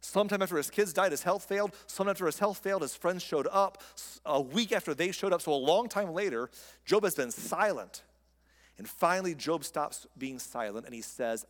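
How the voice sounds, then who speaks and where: A male preacher delivering a sermon in a conversational, animated storytelling manner, speaking from a podium in a large hall. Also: a little high, normal speed. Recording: long reverb of a large hall.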